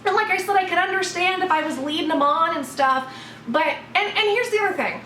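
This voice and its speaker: A woman vlogger telling a personal story in a blunt, expressive way, swearing freely. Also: very high-pitched, fairly quick, distant mic. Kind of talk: casual storytelling to camera. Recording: roomy echo, voice from off the mic, faint room noise.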